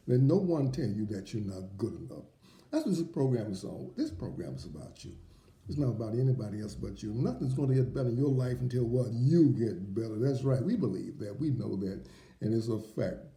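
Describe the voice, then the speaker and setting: A man's voice: mid-range voice, gravelly, dark tone, echoey room. A man hosting a motivational faith program, preaching emphatically in repeated phrases and rhetorical questions.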